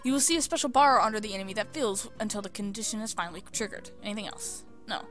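A woman's voice: medium pitch, fast, over music. A young woman hosting a video game playthrough, reading tutorial text aloud and adding casual asides. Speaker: let's play host.

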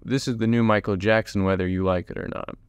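A man's voice: on the low side, fairly even intonation, fast talker, clean tone, no echo. A man hosting a casual solo podcast, chatting in a rambling way, jumping between tangents and talking straight to his viewers. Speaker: podcast host.

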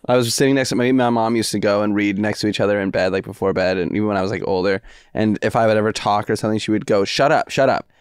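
A man in his thirties, chatting casually as a podcast guest, telling wry stories with quick jokes. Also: fairly low pitch, clear, resonant tone, no room sound, studio quality. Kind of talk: casual chat.

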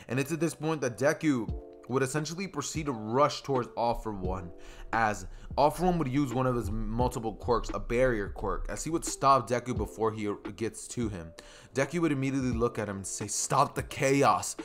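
A young man casually narrating a fan story, excited and rambling, often correcting himself mid-sentence. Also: medium pitch. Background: faint music.

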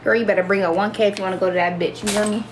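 A woman's voice: medium pitch, steady tone, rapid-fire, background noise. A woman hosting a casual livestream, talking to viewers in a brash, boastful, profane way. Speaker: livestream host.

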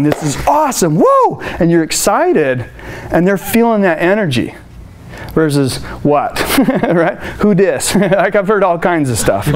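With a high voice, a man acts out phone calls during a lively, playful customer service training talk meant to motivate a live audience.

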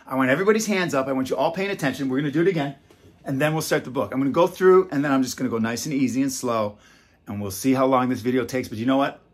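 Husky man in his fifties. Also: mid-range voice, very fast. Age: 50s. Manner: animated, swinging between loud and hushed, teasing. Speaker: self-help author and host. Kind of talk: casual talk to camera.

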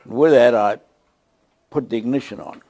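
A man with a South African accent telling a lively testimony story to a church, acting out the scenes as he goes. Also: mid-range voice, normal speed, a little hiss or hum. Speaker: guest preacher.

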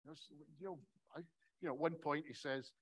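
A man's voice: on the high side, quick pace, poor audio. A middle-aged man giving a public academic lecture in a conversational way, with wry asides.

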